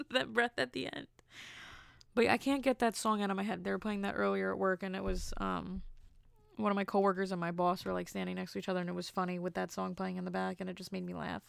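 Gravelly-voiced young woman rambling on her podcast. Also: mid-range voice, little pitch movement, quick pace, no echo. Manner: rambling, self-amused, jokey asides. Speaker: podcast host. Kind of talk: casual solo podcast storytelling.

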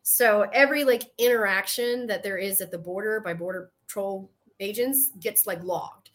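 Woman, Southern US accent, podcast host, casual chat, animated, swears freely, acts out quotes. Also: mid-range voice, normal speed.

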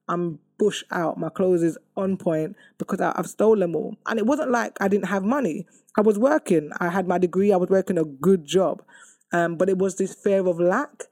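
A woman telling her own life story in a candid, conversational way, often repeating phrases for emphasis and pausing on ums. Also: on the low side, mellow, dry recording, studio quality. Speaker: speaker sharing a personal testimony.

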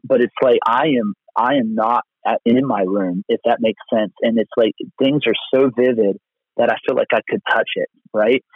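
A man from Pennsylvania with a husky, slightly rough voice tells faith stories as a guest evangelist. He speaks earnestly and rambles, often restarting his sentences. His voice comes through a thin, dry, tinny phone line. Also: mid-range voice, no room sound. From Pennsylvania, USA.

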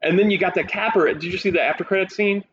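In a relaxed, casual chat, a man with a high-pitched, fast voice gets more and more excited retelling scenes he loved from a show, his pitch climbing sharply when he gets carried away. The recording sounds a bit dull, with a faint hiss underneath.

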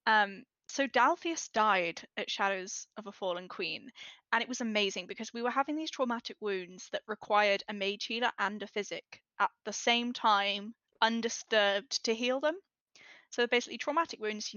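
A woman's voice: mid-range voice, sharp tone, no room sound. A woman, a podcast guest telling a story in casual chat and acting out the voices she quotes. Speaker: podcast guest, larp player. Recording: dull, dry podcast audio.

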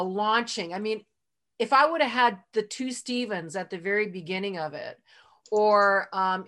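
Speaking at a medium pitch with a fairly bright tone, this middle-aged woman is interviewed on a podcast and casually recounts moments from her working life. She's warm and openly emotional, sprinkling her talk with "like" and "you know."

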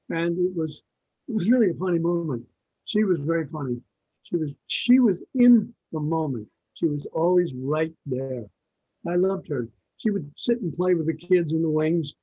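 A man's voice: a little high, breathy edge, no room sound. An older man, a guest on an interview show, telling backstage stories in a rambling, casual way with restarts. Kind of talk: casual anecdotal storytelling. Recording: dull lo-fi sound.

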